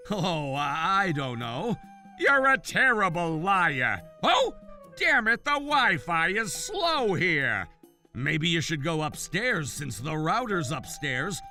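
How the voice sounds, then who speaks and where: A man narrating a cartoon story, high and bright. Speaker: narrator and creator of an animated story. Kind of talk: scripted cartoon narration and dialogue.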